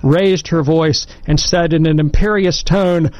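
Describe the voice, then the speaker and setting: A man's voice: a little high, fairly even intonation, unhurried, darkish tone, no echo. A man on a discussion show, telling a self-deprecating anecdote in a conversational way and then moving into commentary. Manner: storytelling, self-deprecating, acts out quoted voices. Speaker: panelist on a Catholic discussion show. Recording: dull, muffled, dry recording.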